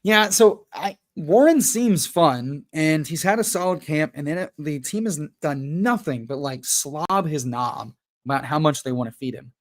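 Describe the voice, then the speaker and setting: A man's voice: on the high side, animated, normal speed. Profane ranting male livestream host. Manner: profane, exasperated ranting, then chatty with viewers. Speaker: fantasy football livestream host. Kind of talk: casual livestream chat and rant.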